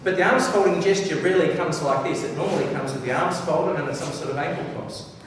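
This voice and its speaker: A man giving an energetic, playful stage talk on body language to a live audience and directing them as he goes. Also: a little high, fairly quick, background noise. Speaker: professional speaker. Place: large hall with a live audience. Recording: echoey hall recorded from far off.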